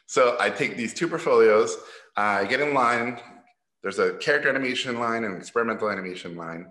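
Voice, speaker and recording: A middle-aged man from Mexico telling stories at a talk, animated and laughing as he acts out the people he quotes. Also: mid-range voice, fairly quick. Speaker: guest animator. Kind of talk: casual storytelling at a talk. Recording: roomy echo.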